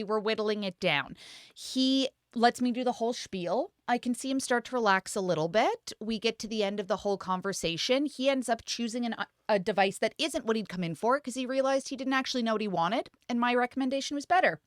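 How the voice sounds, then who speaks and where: A woman guest on a studio podcast, telling a story in a lively, animated way and acting out the people in it. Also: on the high side, brisk, no echo. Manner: animated storyteller, acts out customers' lines.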